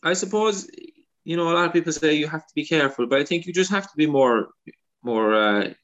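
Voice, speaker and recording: A man's voice: on the high side, lively intonation, brisk, fairly bright tone, dull audio. A man with a Kerry accent, a comedian chatting loosely as an interview guest, trailing into restarts and "you know". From Ireland. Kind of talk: casual interview chat.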